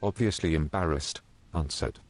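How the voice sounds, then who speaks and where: A man telling crude jokes as a narrator, in a deadpan storytelling manner with teasing rhetorical questions. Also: a bass voice, normal speed. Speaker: joke narrator. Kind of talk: scripted joke storytelling. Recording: noisy background hiss.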